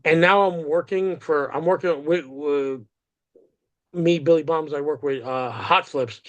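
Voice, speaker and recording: A man's voice: fairly high pitch, unhurried, muffled recording. A man hosting a comics podcast, chatting in a rambling, enthusiastic way and swearing casually. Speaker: podcast host. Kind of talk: casual chat.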